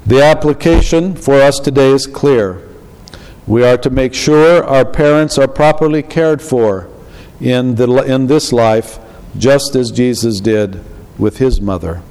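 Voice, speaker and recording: A man preaching a sermon as pastor, in a slow, measured way. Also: mid-range voice, a little mellow, clear, resonant tone. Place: church. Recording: long reverb of a church hall.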